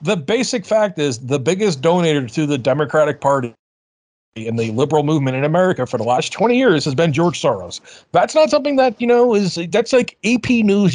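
Male podcast host, higher voice, profane and ranting, casual chat. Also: a little mellow. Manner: ranting, profane, addresses listeners as folks.

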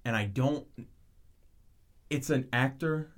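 A man's voice: mid-range voice, takes it slowly. A man in casual chat, animatedly retelling a show's plot with lots of restarts and tangents. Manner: rambling, animated storytelling with frequent restarts.

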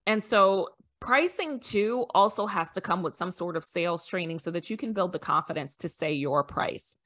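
A woman's voice: fairly low pitch, moderate pace. A woman who coaches wedding businesses on sales, telling stories as a podcast guest and acting out the dialogue in them. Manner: animated storytelling, acting out quoted dialogue.

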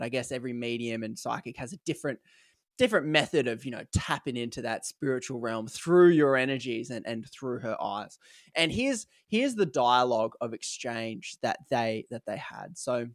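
A man's voice: mid-range voice, animated, moderate pace, fairly bright tone, dry recording, clean studio sound. A man retelling a story on a podcast, acting out the quoted lines, with lots of fillers. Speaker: podcast co-host telling a story. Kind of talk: casual storytelling chat.

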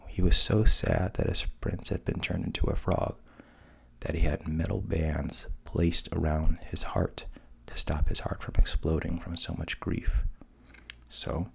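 A man narrating a fairy tale softly, at times dropping to a whisper. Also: low-pitched, little pitch movement, measured pace, vocal fry, husky. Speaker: storyteller.

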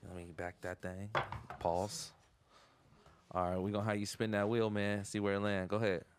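A man's voice: on the low side, little pitch movement, normal speed, background noise. A man co-hosting a casual chat, loose and slangy, running the game segments. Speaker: co-host.

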